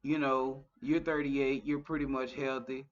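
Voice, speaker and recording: A man's voice: mid-range voice, little pitch movement, a little slow. Man in his 30s, podcast host, casual and rambling, dull lo-fi sound. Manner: loose, conversational, with many filler phrases. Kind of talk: casual chat. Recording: dull lo-fi audio.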